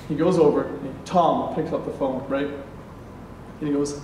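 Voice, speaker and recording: High-voiced man telling a story on stage. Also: brisk. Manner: animated, acts out the other people's lines, laughs while telling. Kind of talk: live storytelling performance. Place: stage at a live storytelling event. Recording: echoey room, mic at a distance, faint background noise.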